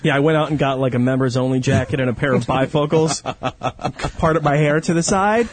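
A man's voice: mid-range voice, a little fast. Wisecracking man co-host. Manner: dry, wisecracking, reads plugs. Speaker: podcast co-host. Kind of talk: casual banter.

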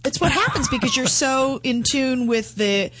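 A woman co-hosting a casual chat show, playful and quick to pick up accents. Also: sits high, expressive, a bit bright. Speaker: co-host.

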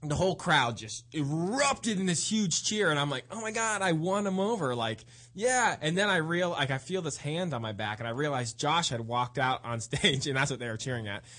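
A man co-hosting a comedy show, telling anecdotes in an excitable, rambling way. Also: fairly high pitch. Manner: excitable, fast anecdotes with many "like" fillers. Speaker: comedian and musician, show co-host. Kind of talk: casual comedic storytelling.

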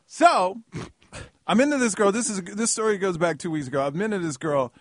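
A man hosting a comedy podcast in casual chat, animated and excitable, quick to laugh. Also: high-pitched, no echo, clean studio sound. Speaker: podcast host.

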